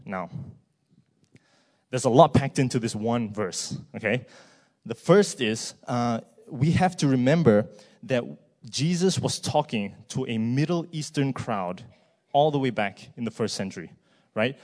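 A man's voice: medium pitch, expressive, measured pace, a little mellow. A man, preaching a sermon in a church in a conversational way, with frequent fillers and a tag "right?".

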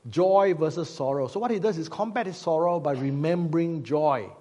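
A man's voice: on the high side, normal speed, a little mellow. A man preaching a sermon as pastor, conversational, with many fillers and repeated rhetorical questions. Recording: long hall reverb.

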